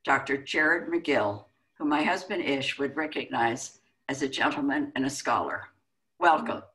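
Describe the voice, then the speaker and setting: A woman hosting a parish event, reading a formal, measured introduction of the guest speaker. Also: rumbling low, expressive, fairly bright tone, poor audio.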